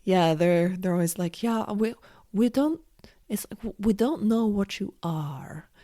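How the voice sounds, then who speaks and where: A woman doing a rough German-accented voice of a man, halting and mock-puzzled. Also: medium pitch, animated, dark tone, close to an everyday voice. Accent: put-on German.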